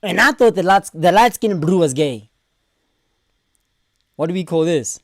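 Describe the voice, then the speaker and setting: A man streaming his live reactions, loud and full of crude banter. He slips into put-on voices and keeps up a running commentary. His voice sounds dry and close, with no room around it. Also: high voice, lively intonation, measured pace, no room sound.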